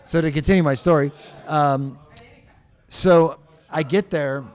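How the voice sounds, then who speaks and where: Slightly high-voiced man telling a rambling story. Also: steady tone, unhurried, crowd noise. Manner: rambling, many restarts and fillers. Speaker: guest.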